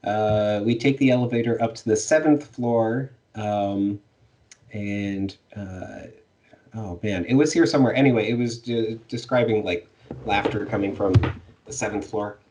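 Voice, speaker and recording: A man's voice: on the low side, measured pace, darkish tone, distant mic. A man co-hosting a casual book discussion, laughing often and hesitating with fillers. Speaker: podcast co-host.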